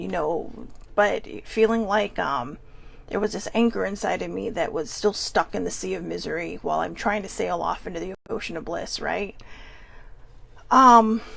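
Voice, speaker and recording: A woman hosting a candid personal vlog, speaking earnestly and haltingly as she searches for words, often restarting. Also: mid-range voice, gravelly. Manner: earnest and open. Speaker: vlog host.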